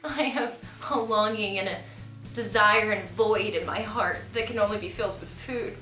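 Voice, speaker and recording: A woman's voice: mid-range voice, moderate pace, bright, forceful tone, far from the mic. A college-age woman answering interview questions with wry, joking humor. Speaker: cast member playing Jordan. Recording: echoey room. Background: background music.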